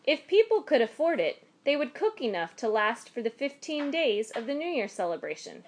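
A woman narrating a folk tale in a measured, expressive storytelling manner. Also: high-pitched.

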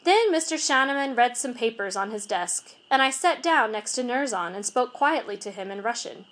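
A woman narrating a children's storybook aloud in an expressive, measured way. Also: on the high side. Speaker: reader.

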